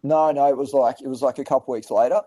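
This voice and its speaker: Mellow-voiced man telling stories. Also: medium pitch, fairly even intonation, fast, no room sound, rough recording. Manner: rambling, swears casually, many fillers and restarts. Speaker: podcast guest. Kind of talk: casual storytelling chat.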